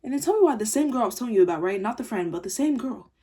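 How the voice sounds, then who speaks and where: A woman's voice: a little high, animated, rapid-fire, mellow, breathy edge. A teenage girl telling a rambling, irritated story about a classmate in a casual video diary. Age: teens. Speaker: vlogger.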